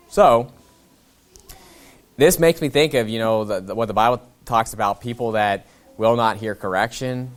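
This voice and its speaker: A male pastor preaching a casual expository sermon, voicing the kings' lines in his own plain voice and swinging between loud emphatic bursts and quiet asides. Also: on the low side, animated, brisk.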